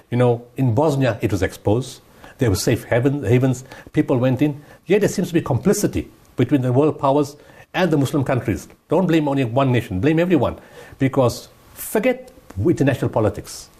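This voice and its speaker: A man's voice: mid-range voice, expressive, brisk, mellow, slightly rough. A man giving impassioned interview answers, emphatic and repeating his points. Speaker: guest humanitarian speaker.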